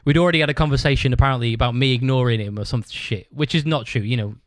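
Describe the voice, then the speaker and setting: Casual male podcaster, sweary rambling storyteller, mid pitch, dry sound. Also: very fast, no room sound. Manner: acts out other people's shouted lines. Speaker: podcast host.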